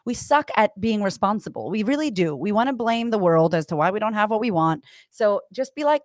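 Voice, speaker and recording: A woman's voice: mid-range voice, expressive, a little fast, hardly any pauses, no room sound, clean studio sound. A woman in her thirties, a coach and author of Puerto Rican heritage, chatting on a podcast in an emphatic, profane, motivational way. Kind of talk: casual podcast chat.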